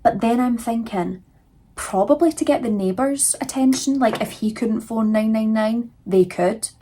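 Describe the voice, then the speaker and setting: A woman's voice: fairly high pitch, moderate pace, warm tone, slight background noise. A young adult woman hosting a true crime channel, telling the case in a chatty, casual way full of fillers. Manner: chatty, frequent "like" and "you know" fillers.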